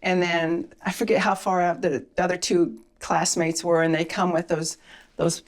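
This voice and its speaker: A woman's voice: on the low side, little pitch movement, moderate pace. Earnest woman telling her story. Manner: earnest, storytelling, emotional at times. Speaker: guest, firearms instructor. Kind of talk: casual podcast chat.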